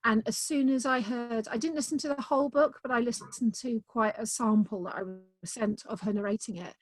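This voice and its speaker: Chatty woman author, a little high, dry close sound; casual video-call interview, keen and full of "um"s. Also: fairly even intonation, a little fast, no room sound, faint music behind. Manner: chatty and enthusiastic, many "um"s. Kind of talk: casual conversation.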